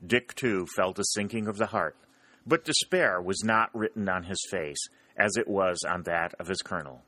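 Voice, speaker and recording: A male narrator reading a historical novel in a steady, plain way. His voice sits on the low side yet sounds bright and forceful. The recording is dry with no room sound. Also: moderate pace, no echo. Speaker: audiobook narrator. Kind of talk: storybook narration.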